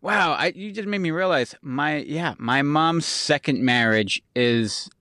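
A man's voice: fairly high pitch, unhurried, sharp tone, no room sound, studio quality. A man cohosting a podcast, chatting reflectively and joking in casual talk. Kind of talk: casual chat.

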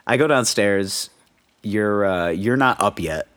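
A young man co-hosting a podcast, telling a story in casual chat and breaking into high impressions and bursts of laughter. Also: slow pace, fairly bright tone. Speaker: podcast co-host.

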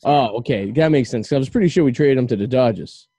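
A man's voice: mid-range voice, fast talker, warm tone, breathy edge, no room sound. A man with a Boston accent hosting a casual podcast chat, joking and rambling. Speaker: podcast host.

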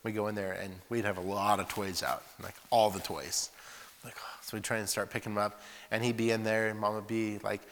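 A man preaching to young people, telling lively stories and asking rhetorical questions. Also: lowish voice, fairly quick. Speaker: preacher at a youth school and camp. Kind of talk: sermon with acted voices. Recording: echoey hall reverb.

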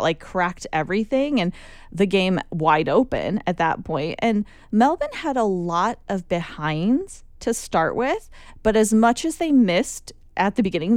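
Excitable woman with a lively voice. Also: mid-range voice, smooth, dry recording, studio quality. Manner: excitable, laughs often, lots of fillers. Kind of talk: casual chat about a football final.

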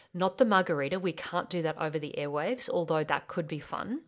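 Upbeat Australian woman hosting a podcast. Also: lowish voice. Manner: earnest, upbeat motivational delivery. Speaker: podcast host and life coach. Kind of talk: scripted podcast introduction.

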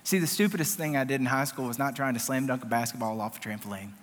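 Bright-voiced man preaching in an echoey hall. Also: medium pitch. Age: 30s. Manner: self-deprecating storytelling, then earnest and emphatic. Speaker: speaker addressing students. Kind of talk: sermon-style motivational talk.

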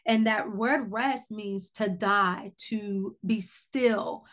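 Woman in her thirties, faith podcast host. Chatty, filler-heavy storytelling at a middle pitch. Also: drawn-out words, a bit bright. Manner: chatty, many "um" fillers, testimony-style storytelling.

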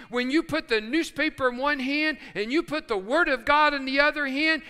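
High bright-voiced preacher in a hall. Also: male voice, clear, resonant tone. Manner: animated storytelling, switches voices for quoted characters. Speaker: pastor. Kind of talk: sermon. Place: church sanctuary.

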